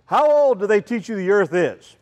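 Man, children's speaker, high lively voice, big reverberant hall. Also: normal speed. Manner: animated, calls out questions to the crowd. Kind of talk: lively talk to a group of kids. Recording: long reverb, large hall.

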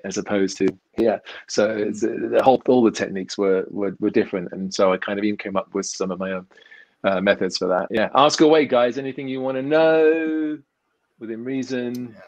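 A middle-aged man with a slightly low voice and an English accent that has picked up a hint of Canadian. He talks loosely and tells stories, often stopping to restart a sentence. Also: steady tone, fairly quick, rough recording. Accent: English, drifting toward Canadian. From England. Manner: chatty storyteller with frequent restarts. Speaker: magician and actor guest. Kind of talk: casual chat.

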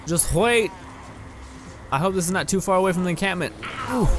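A man's voice: high voice, a little fast, a bit bright, faint music behind. A young man from Canada giving rambling, laugh-filled commentary while playing a video game, now and then swearing at it. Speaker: gaming YouTuber. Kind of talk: casual let's play commentary.

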